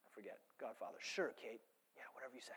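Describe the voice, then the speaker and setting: A man voicing a cold, lying mob boss who brushes his wife off in a low, hushed whisper. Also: big pitch swings, fast talker, breathy edge. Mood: dismissive. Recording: long hall reverb.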